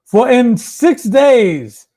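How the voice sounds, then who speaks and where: A man reading Bible verses aloud slowly and carefully during a study session. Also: extremely high pitch, big pitch swings, warm tone. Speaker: scripture reader.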